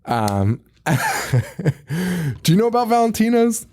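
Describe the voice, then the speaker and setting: A man's voice: sits high, big pitch swings, slow pace, a little mellow. Man recapping a movie with laughs. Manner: laughing often, swearing, acting out lines. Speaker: podcast host.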